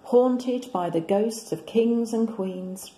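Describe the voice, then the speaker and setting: A woman's voice: on the high side, slow pace, warm tone, echoey room, pitched above the performer's own voice. A woman voicing a grumpy but playful male bronze lion in a storybook read-aloud, with a theatrical, roaring manner.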